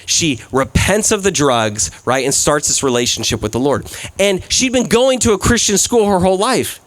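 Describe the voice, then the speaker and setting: A man's voice: on the high side, very animated, normal speed, a bit bright, dry recording. A man giving a sermon as a guest preacher, telling stories in a loose, conversational way with lots of "like" and "right?". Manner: conversational storytelling, frequent "like" and "right?". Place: events center, church service.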